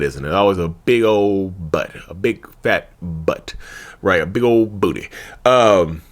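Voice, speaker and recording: In a casual direct-to-camera video on narcissism, a YouTube host sits at home before a tripod camera and speaks into a handheld mic. His low voice is animated and colloquial, full of repeated phrases and folksy asides.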